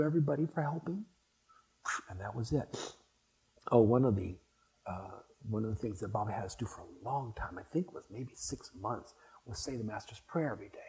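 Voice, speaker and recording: Mellow-voiced older man telling stories. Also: medium pitch, poor audio. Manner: rambling and anecdotal, with many restarts. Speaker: speaker at a spiritual gathering. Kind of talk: reminiscing talk to an audience.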